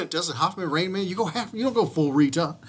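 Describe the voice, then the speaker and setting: A man's voice: on the high side, animated, normal speed, slight background noise. A man in casual podcast banter who laughs often and quotes film lines.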